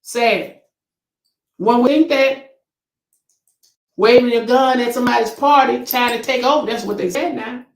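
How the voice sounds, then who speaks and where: A woman's voice: on the high side, a little slow, long pauses, reverberant, rough recording. A woman hosting a casual commentary channel, reading viewer comments and reacting emphatically and preachily. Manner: emphatic, preachy, exclaims to the Lord.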